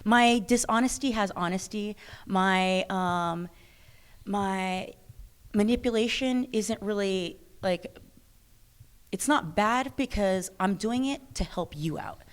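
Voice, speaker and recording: Animated chatty woman wrestler, laughing often. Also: mid-range voice, takes it slowly, clear, resonant tone. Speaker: professional wrestler, interview guest. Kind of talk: casual interview chat. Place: wrestling event taping venue.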